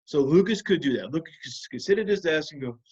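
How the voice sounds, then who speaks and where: A man teaching a video lesson to children, patiently walking them through calming techniques with guiding questions. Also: a little high, a little fast, husky, dull audio.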